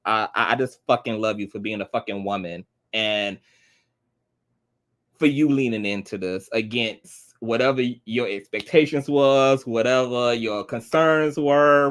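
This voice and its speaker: A man's voice: fairly low pitch, fairly bright tone. A man in his thirties hosting a livestream, talking heartfelt and tearful, repeating himself and swearing often. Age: 30s. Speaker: livestream host. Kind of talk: emotional livestream chat.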